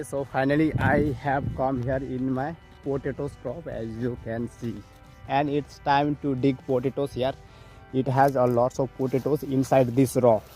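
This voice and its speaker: A man's voice: mid-range voice, dark tone. A young man vlogging outdoors from his farm fields, narrating in simple, plain learner's English and now and then short of breath. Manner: simple learner's English, repeats "as you can see". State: out of breath at times. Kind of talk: casual vlog narration while farming.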